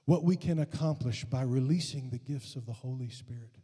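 In a church sanctuary, a pastor preaches a sermon and leads prayer for healing, his slightly rough, medium-pitched voice moving at a moderate pace with few pauses. The impassioned delivery builds to fervent, shouted peaks, and the recording has a big-room sound.

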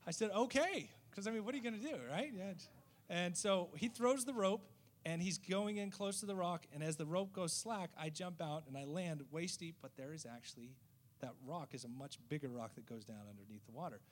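A man, a missionary, telling a story in a lively way and acting out the voices of the people in it. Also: fairly high pitch, a little fast. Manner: lively, acts out quoted voices. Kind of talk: storytelling testimony.

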